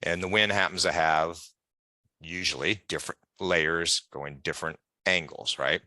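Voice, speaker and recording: An interview guest with a low, bright and forceful voice tells long, casual stories at a moderate pace, acting out the people he quotes. His chatty, digressive storytelling is captured in a dry recording.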